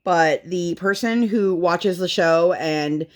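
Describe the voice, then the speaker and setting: A woman in her thirties chatting casually while she crafts, acting out the people in her story with big jumps in her voice. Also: slow pace. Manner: animated storytelling, acts out dialogue with big pitch jumps. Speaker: craft vlogger.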